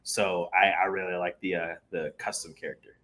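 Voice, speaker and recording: A man co-hosting a podcast in casual chat, relaxed and often trailing off with fillers. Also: deep voice, moderate pace. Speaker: podcast co-host.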